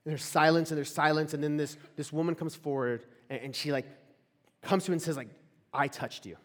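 A young man speaks a bit quickly, his voice on the high side and his intonation fairly even. As a campus ministry speaker, he offers a casual storytelling sermon to a live audience in a large hall, chatting freely with frequent "like" fillers and questions to the room, and the sound echoes noticeably.

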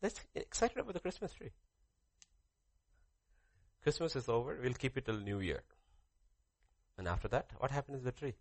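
A man's voice: medium pitch, very animated, normal speed, pauses often, no room sound. A man preaching a sermon, repeating key phrases and putting questions to the congregation. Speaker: pastor.

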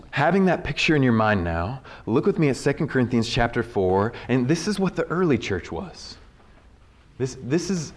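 Earnest, conversational man preaching a sermon. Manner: conversational and earnest, with frequent asides and repeated "right?"; drops to a low, quiet voice for emphasis. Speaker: conference speaker.

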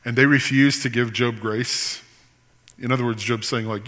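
A man's voice: mid-range voice, fairly even intonation, normal speed, a bit bright. A man preaching a sermon, reading scripture aloud and adding teaching asides with passion. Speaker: pastor. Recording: long reverb of a large hall.

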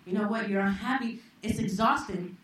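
A woman telling a personal story live at a story slam, conversational and reflective, pausing and restarting as she goes. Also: medium pitch, a bit bright. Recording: echoey hall, distant mic, faint noise.

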